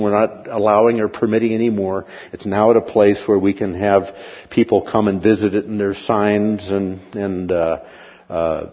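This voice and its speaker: A man giving a slide lecture on history, rambling with many pauses and fillers and asking and answering his own questions. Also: lowish voice, breathy edge, long reverb tail, lo-fi sound.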